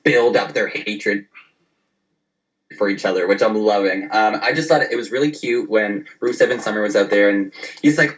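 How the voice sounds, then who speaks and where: A man's voice: medium pitch, moderate pace, a bit bright, highs cut off. A man co-hosting a casual wrestling podcast, recapping animatedly and acting out quotes. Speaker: podcast co-host.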